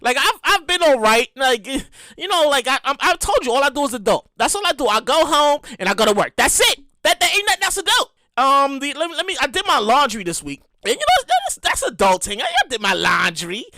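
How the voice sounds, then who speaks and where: A man in his late thirties hosts a solo podcast in a loose, chatty way, often circling back over his own words. His voice sits unusually high and bright, leaping up and down in pitch, and it is captured close and dry with no room sound. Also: a little fast, dry recording. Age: 30s. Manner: animated, repetitive, talks straight to listeners. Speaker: podcast host. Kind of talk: casual solo podcast chat.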